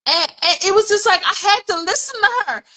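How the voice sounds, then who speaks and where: Bright-voiced woman telling a candid story. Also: very high voice, animated, fairly quick, low-quality recording. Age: 40s. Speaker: podcast co-host. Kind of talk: casual podcast conversation.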